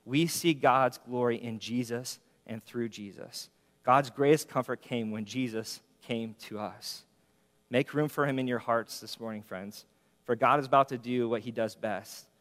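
A man's voice: mid-range voice, steady tone, a bit bright. Earnest male pastor preaching in a reverberant hall. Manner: earnest preaching with slowed, emphatic scripture readings. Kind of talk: sermon.

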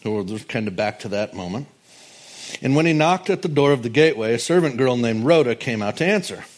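A man's voice: mid-range voice, animated, a little fast. Male pastor, casual funny sermon style, mid-range voice. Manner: conversational, humorous, storytelling.

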